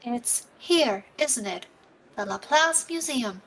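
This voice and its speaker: A woman voicing a deadpan, monotone young woman. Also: husky, recorded from a distance, full character voice. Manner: low, flat, unhurried.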